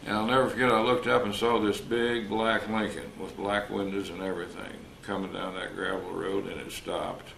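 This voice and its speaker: Older man with a deep gravelly voice. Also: little pitch movement, normal speed, hardly any pauses, fairly bright tone. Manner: folksy, anecdotal, acts out quoted dialogue. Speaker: retired wildlife officer interviewee. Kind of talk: storytelling interview. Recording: roomy recording with faint noise.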